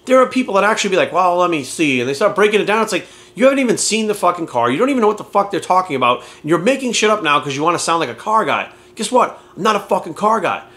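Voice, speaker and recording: A man's voice: sits high, very animated, very fast, hardly any pauses, pushed and bright. A man talking as a fitness coach in a casual vlog rant, blunt and heavy on swearing and rhetorical questions.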